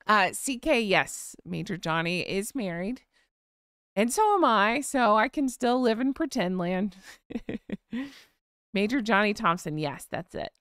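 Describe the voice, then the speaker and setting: A woman's voice: mid-range voice, lively intonation, measured pace, a bit bright, clean tone, no echo, clean studio sound. A woman with a Southern US accent, hosting a casual live-stream chat in a gossipy, giggly way. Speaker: host.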